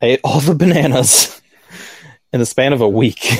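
A man's voice: mid-range voice, normal speed, husky, no room sound, studio quality. An American man hosting a casual video-call chat, easygoing and chatty. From United States. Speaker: podcast host.

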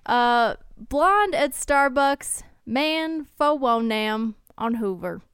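A woman's voice: sits high, animated, drawn-out words, a bit bright, no room sound, clean studio sound. A woman co-hosting a comedy chat, reading listener posts aloud, laughing often and swearing casually.

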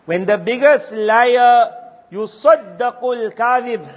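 A man's voice: extremely high pitch, fast. A man giving an Islamic sermon, asking rhetorical questions and answering them himself. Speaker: Islamic teacher. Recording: reverberant lo-fi hall recording.

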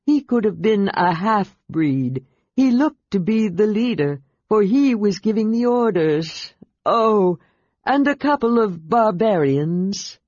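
A woman voicing a large male blue dragon, gruff and impatient, with a snarling delivery. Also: medium pitch, animated, slow pace, a little mellow, no echo, dull audio, voice pushed up.

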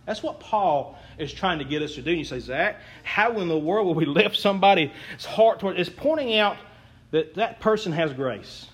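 A man's voice: high-pitched, lively intonation, moderate pace. A young man preaching a sermon as a pastor, folksy, earnest and self-deprecating.

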